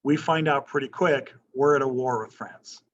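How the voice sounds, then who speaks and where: A man teaches a history class in a loose, conversational lecture. He keeps tossing questions to the room and tagging his points with "right?". His voice sits at an ordinary male pitch, and the classroom recording sounds slightly dull and lo-fi. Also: normal speed.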